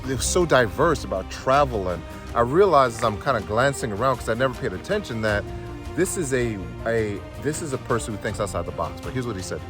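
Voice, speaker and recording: Animated male storyteller over music. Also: lowish voice. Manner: animated storyteller acting out dialogue, emphatic and building. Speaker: motivational speaker. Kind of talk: storytelling speech. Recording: music bed under speech.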